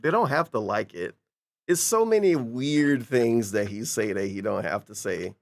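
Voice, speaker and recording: A man's voice: medium pitch, expressive, moderate pace, vocal fry. A man streaming a casual reaction commentary, sarcastic and incredulous, swearing freely as he mocks the clip.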